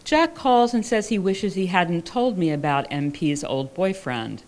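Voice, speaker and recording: A woman's voice: on the low side, lively intonation, measured pace. Woman reading fiction aloud, dry and wry. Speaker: author reading her fiction. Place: live reading at a writers' conference.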